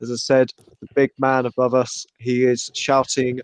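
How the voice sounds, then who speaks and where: A man's voice: medium pitch, flat delivery, normal speed, smooth, no echo. A man closes a live podcast with dry, self-mocking jokes. His mid-range voice comes across close and dry on the mic. He sounds at ease thanking his panel and the chat. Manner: dry, self-deprecating humor. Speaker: podcast host.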